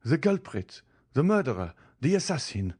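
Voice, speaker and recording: A man's voice: mid-range voice, big pitch swings, moderate pace, a little mellow, husky, voice pushed up. A man voicing an anguished young man who pleads and swears vengeance in an impassioned voice. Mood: horrified.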